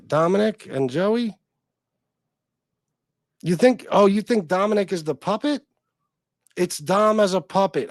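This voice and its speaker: A man with a notably high voice hosts a casual livestream. He reacts with profane, exasperated disbelief. The sound is dry, with no room echo. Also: darkish tone. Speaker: livestream host.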